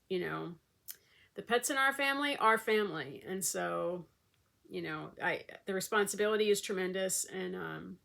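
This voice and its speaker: A woman's voice: fairly low pitch, creaky, fairly bright tone. A woman vlogger talking in a casual, rambling way with many fillers. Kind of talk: casual chat.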